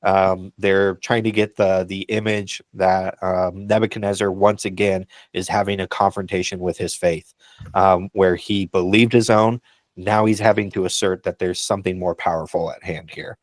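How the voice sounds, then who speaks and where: Deep, flat-voiced man co-hosting a faith podcast. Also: moderate pace, no room sound. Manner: encouraging, pastoral, with frequent ums. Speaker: podcast co-host. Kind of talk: casual podcast discussion.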